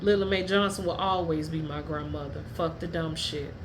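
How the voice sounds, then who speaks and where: A woman hosting her own podcast, telling personal stories in a blunt, profane and heated way, at times dropping low and quiet. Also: fairly even intonation, moderate pace, background noise. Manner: drops low and quiet when telling family matters. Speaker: podcast host. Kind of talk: candid personal storytelling.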